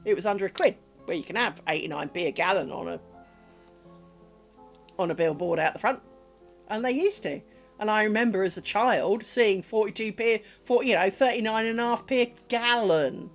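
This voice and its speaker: A woman's voice: mid-range voice, moderate pace, soft background music. A middle-aged British woman streaming from home, chatting casually while she crafts, rambling along with dry humour and plenty of swearing.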